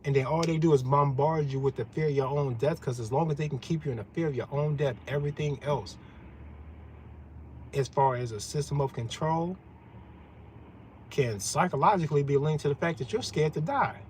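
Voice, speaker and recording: A man's voice: a little high, brisk, a little mellow, slight background noise, rough recording. A man giving a profane, confrontational rant as a vlogger. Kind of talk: ranting monologue.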